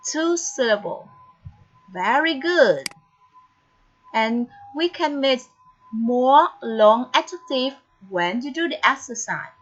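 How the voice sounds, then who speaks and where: A woman teaching an English grammar lesson online, slow, deliberate and encouraging. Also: sits high, animated. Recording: dull, lo-fi recording with faint noise.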